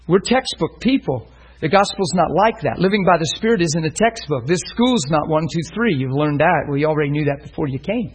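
A man preaches, working through a story and bringing it to life by acting out its voices. His voice is husky, a little breathy, and sits somewhat high for a man. He is telling a story from the pulpit. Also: animated, fairly quick, hardly any pauses, rough recording. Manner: storytelling, acts out voices in quotes. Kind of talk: sermon.

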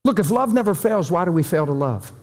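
A man's voice: high voice, sing-song, fairly quick, darkish tone. A man preaching a sermon to a room, folksy and conversational, pleading with his listeners. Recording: long hall reverb.

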